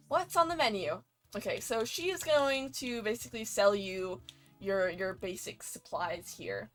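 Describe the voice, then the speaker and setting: A woman's voice: medium pitch, unhurried, faint music behind. A woman hosting a let's play, with casual gameplay commentary, bubbly and playful, rambling with many fillers.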